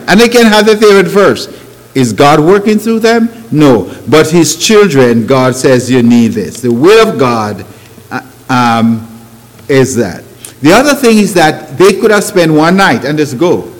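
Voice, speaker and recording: A man delivers a sermon at an unhurried pace with a lively, swooping pitch that sits somewhat high for a man. He pushes his points with rhetorical questions and grammar. His voice rings with the long echo of a large hall. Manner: non-native grammar, emphatic rising phrases and rhetorical questions. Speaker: preacher.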